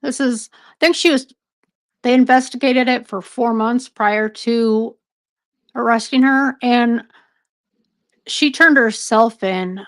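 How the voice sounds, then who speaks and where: A woman's voice: on the high side, takes it slowly, pauses often, a bit bright, no echo. A woman hosting a casual true crime discussion who reads from case documents, hesitant and full of fillers, and says she is losing her voice. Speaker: podcast host. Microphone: own microphone.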